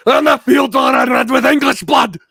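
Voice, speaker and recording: A man voicing a furious, shouting highland warrior who bellows threats. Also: moderate pace, gravelly, slightly rough, no room sound, studio quality, exaggerated voice.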